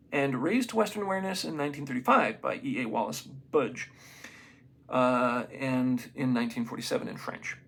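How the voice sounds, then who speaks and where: A man reading a book aloud in a casual, unprofessional way, stumbling over names and adding excited comments of his own. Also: mid-range voice, gravelly, a little hiss or hum. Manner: reads haltingly, stumbles on names, adds excited asides. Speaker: amateur reader of a book.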